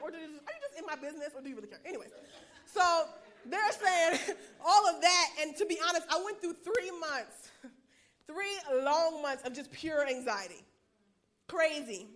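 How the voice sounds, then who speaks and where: Woman chaplain giving her testimony, high voice, talks super fast and lively. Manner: fast-talking, animated, laughs often. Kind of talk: preaching a personal testimony.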